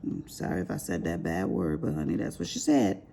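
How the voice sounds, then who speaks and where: Chatty woman with a gravelly voice. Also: very deep voice, a little fast, a little hiss or hum. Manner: chatty, expressive, calls listeners honey. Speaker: diamond painting vlogger. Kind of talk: casual chat while crafting.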